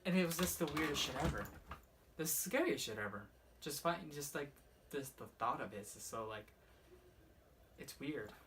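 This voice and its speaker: A young man casually rambling through a personal ghost story for his vlog, swearing often and filling every pause with "like". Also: fairly high pitch, animated, fairly bright tone. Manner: rambling, profane, heavy use of "like". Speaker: vlogger. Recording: slightly distant mic with faint room noise.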